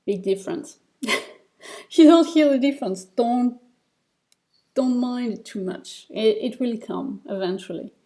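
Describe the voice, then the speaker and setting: Slow, mellow woman teaching patiently. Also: on the high side. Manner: patient, step-by-step explaining with fillers and restarts. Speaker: Tibetan reading teacher. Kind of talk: recorded lesson over slides.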